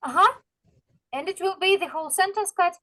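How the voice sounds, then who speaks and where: A native Russian-speaking woman with a Russian accent teaches an English lesson online, cheering her students on and slowly repeating phrases to model pronunciation. Her voice is very high-pitched, pushed and bright.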